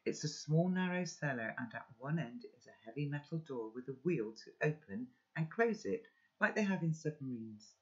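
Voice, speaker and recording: A man's voice: fairly high pitch, expressive, moderate pace, natural voice. A man reading a loving father's letter to his son aloud, earnest and instructive. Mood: urgent. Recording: dull, lo-fi recording.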